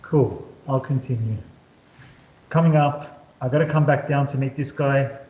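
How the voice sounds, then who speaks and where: A man's voice: mid-range voice, measured pace, darkish tone, highs cut off. A man tutoring calculus at a whiteboard who repeats words as he draws and keeps quizzing his student. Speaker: maths tutor. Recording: echoey room.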